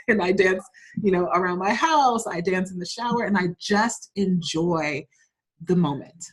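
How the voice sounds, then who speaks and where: A woman guest in a casual interview, telling personal stories with frequent laughs and open emotion. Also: fairly low pitch. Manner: warm, laughing, openly emotional storyteller.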